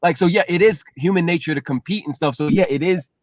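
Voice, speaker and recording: Animated male co-host, a touch high, dry close sound, explains with energy. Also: quick pace, no room sound. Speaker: co-host, relationship talk. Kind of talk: casual live-stream chat.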